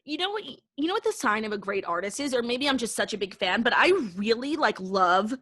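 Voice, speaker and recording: A woman's voice: a little high, animated, a little fast, a bit bright, dry recording. Young woman podcast co-host, effusive and chatty, dry close sound. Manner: gushing, filler-heavy talk full of "like". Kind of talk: casual chat.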